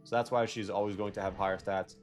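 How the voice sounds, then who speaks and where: A man's voice: on the low side, flat delivery, quick pace, soft background music. A young man giving casual, rambling gameplay commentary, correcting himself and drifting into jokey rants. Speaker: gaming video creator.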